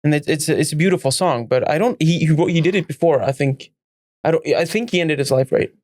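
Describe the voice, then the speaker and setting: A man co-hosting a podcast in casual chat, slow and musing, laughing easily. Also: a little high, a little mellow, no room sound, studio quality. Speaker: podcast co-host.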